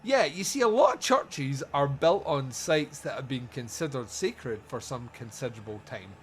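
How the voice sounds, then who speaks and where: A man's voice: mid-range voice, expressive, normal speed, fairly bright tone, slight background noise, natural voice. A man putting on a wry Irish reverend. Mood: dry. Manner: mock Irish lilt, dry quips. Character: middle-aged male Irish country reverend, wry.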